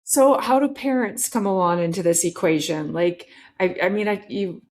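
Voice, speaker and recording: A woman's voice: medium pitch, moderate pace, darkish tone. A woman hosting a podcast who asks long, rambling questions and searches for words with "like" and "I mean". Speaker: podcast host. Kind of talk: interview questions.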